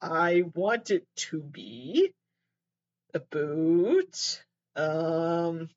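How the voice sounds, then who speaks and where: A man's voice: on the high side, animated, very slow, dull audio. A man sitting on his mattress at home, reading aloud and riffing in a rambling, sarcastic, self-deprecating way, with some swearing. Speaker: host. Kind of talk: casual commentary, reading aloud.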